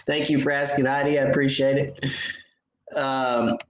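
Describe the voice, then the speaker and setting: A man's voice: mid-range voice, normal speed, a bit bright, reverberant, a little hiss or hum, low-quality recording. A middle-aged man, hosting a fishing livestream in casual chat and reading out viewer comments. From Knoxville, Tennessee. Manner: folksy, reads viewer comments aloud.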